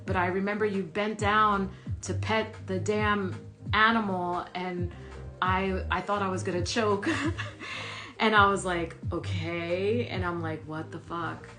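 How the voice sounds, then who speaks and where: A woman's voice: mid-range voice, fairly even intonation, measured pace, sharp tone. A woman telling a personal story in a frank, profane way, often laughing, playing the other people's lines in her own voice. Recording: music playing underneath.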